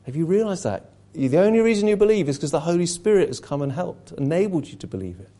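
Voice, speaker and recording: Lively, mellow-voiced male preacher. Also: a little high, quick pace. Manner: earnest, emphatic, reads questions aloud to the congregation. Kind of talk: sermon.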